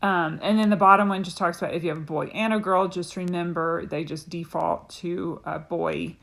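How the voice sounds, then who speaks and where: A woman's voice: lowish voice, fairly even intonation, normal speed, vocal fry, a bit bright. A woman, a Spanish teacher, patiently explaining a lesson with frequent ums. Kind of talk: recorded classroom lesson.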